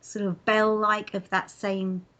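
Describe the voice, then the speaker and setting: A woman's voice: mid-range voice, little pitch movement, unhurried, pushed and bright. A woman with a slight London accent, speaking earnestly and encouragingly as an interview guest, often breaking into laughter. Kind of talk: casual interview talk.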